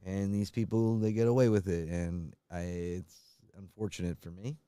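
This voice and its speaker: A man co-hosting a podcast, telling absurd stories in a deadpan way and directing comic bits. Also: low voice, moderate pace, smooth, no echo. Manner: deadpan storytelling breaking into mock wailing. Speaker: podcast co-host.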